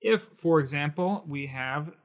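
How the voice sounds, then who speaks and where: A man's voice: fairly high pitch, a little slow. A man teaching a Spanish lesson on video, explaining with emphasis and sounding out words syllable by syllable.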